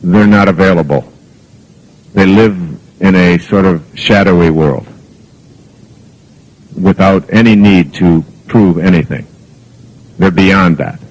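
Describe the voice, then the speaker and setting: An older man with a very low, deep voice gives a spoken motivational talk. He wanders from one anecdote to the next, restarting sentences as he goes. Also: takes it slowly, pauses often, rough recording. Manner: rambling anecdotal storytelling. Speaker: motivational speaker.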